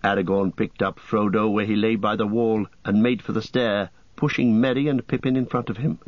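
A man reading an audiobook in a steady, measured narration. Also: fairly low pitch, dry recording. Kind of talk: scripted narration. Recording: dull lo-fi cassette.

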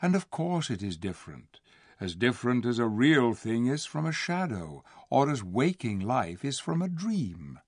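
A wise old lord , as a man reading aloud puts him on, speaks softly and reassuringly, his words rising and falling with feeling. The recording is close and dry, with no room sound. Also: medium pitch, big pitch swings, normal speed, no room sound. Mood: gentle. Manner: soft-spoken and reassuring. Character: wise, gentle old male lord and scholar. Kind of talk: audiobook character voice.

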